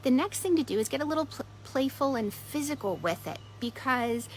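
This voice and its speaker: A woman coach telling a parable and guiding listeners through a centering exercise at an unhurried storytelling pace. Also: high voice, animated, a little hiss or hum, poor audio. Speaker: productivity and meditation coach. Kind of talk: storytelling talk on mindfulness.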